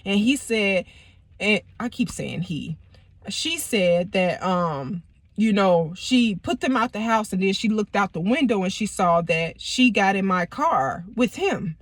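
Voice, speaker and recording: A woman's voice: mid-range voice, animated, a little slow, no echo. A woman casually telling a personal story to her viewers, talking loosely with lots of "you know" and some swearing. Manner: conversational, peppered with "you know" and profanity. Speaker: vlogger.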